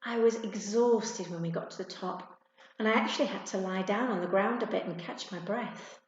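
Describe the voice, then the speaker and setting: A woman's voice: mid-range voice, normal speed, a little hiss or hum. Woman reading a storybook aloud. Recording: echoey room, dull sound.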